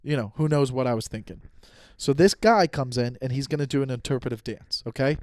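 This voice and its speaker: Profane, animated man telling a story. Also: medium pitch, fairly quick, dry recording, studio quality. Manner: profane, animated storyteller acting out his own quotes. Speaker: podcast host. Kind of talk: casual storytelling monologue.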